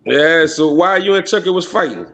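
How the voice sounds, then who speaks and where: A man's voice: on the high side, animated, moderate pace, fairly bright tone. A man interviewing someone on the street, asking questions casually and stumbling over his starts. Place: outdoors on a city street.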